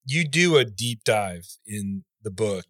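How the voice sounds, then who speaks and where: A man's voice: fairly low pitch, expressive, slow, a bit bright, no echo, clean studio sound. A man hosting a podcast interview who asks thoughtful, carefully framed questions. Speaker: podcast host.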